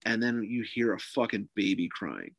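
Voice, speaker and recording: A man's voice: lowish voice, moderate pace, vocal fry, no echo. A man, a podcast guest, casually tells a long ghost story with lots of swearing and fillers. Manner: profane, animated, lots of fillers.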